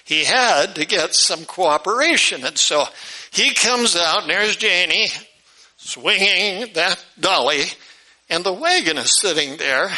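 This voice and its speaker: A pastor tells a lively story from the pulpit and jumps into the characters' voices as he goes. His voice is high for a man and very bright and sharp. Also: slow, rough recording. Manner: animated, acts out the characters' voices. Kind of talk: storytelling sermon.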